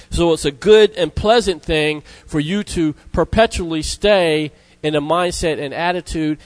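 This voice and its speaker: A man preaching a sermon, emphatic, repeating key words and reading scripture slowly. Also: dry recording, rough recording. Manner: emphatic, repeats words, rises in pitch for stress; reads scripture slowly in old-fashioned wording.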